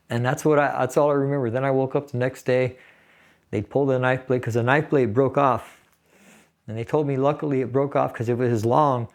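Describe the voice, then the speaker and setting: A man's voice: mid-range voice, a little fast. Older man telling his survival story. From San Fernando Valley, California. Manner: casual, laughs while telling grim details. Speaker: interviewee, Navy veteran. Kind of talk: personal storytelling.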